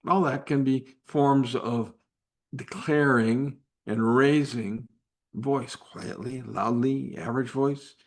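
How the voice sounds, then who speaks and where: Male host, unscripted live faith talk, measured and slow, unpolished, frequent restarts and fillers. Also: medium pitch. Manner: drops to a whisper at times.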